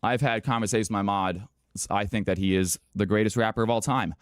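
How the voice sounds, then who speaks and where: A man's voice: on the low side, fairly even intonation, brisk, clean tone, no room sound, studio quality. A man hosting viewer games on a live stream, hyped and chatty, often repeating himself as he sorts players. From California. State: out of breath.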